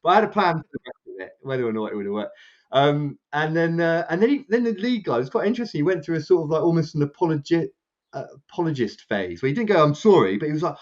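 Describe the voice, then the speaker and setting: Fast-talking Englishman telling a story. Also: muffled recording. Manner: rambling, animated, acts out quotes with raised pitch. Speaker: podcast co-host. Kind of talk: casual storytelling chat.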